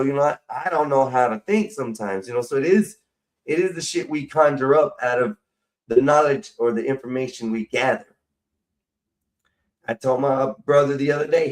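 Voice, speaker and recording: A man's voice: mid-range voice, rough recording. Rambling, cussing middle-aged man. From United States. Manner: profane, rambling, swings loud and soft. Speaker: live stream host. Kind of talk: rambling casual rant.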